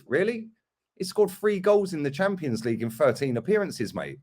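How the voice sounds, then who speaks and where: A young man rants about football in a casual fan chat. His pitch sits a little high for a man and swings widely as he mocks other fans. He sounds heated and animated throughout. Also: a little fast.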